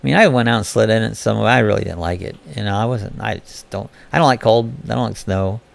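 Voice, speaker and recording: A man with a gravelly, creaky voice hosts a relaxed live-stream chat, reading out viewers' comments and answering them one by one. He talks at a middle pitch in a loose, chatty way. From Florida.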